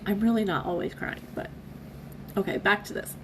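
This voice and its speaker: A woman's voice: medium pitch, fairly even intonation, noisy background. Earnest woman sharing a devotional. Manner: earnest, candid, halting, emotionally open. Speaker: devotional vlogger. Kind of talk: casual devotional reflection.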